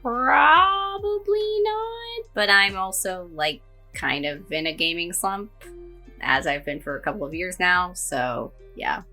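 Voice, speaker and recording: A woman co-hosting a casual anime podcast, making dry, wry remarks in relaxed talk. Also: low-pitched, unhurried, soft background music. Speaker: podcast co-host. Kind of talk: casual chat.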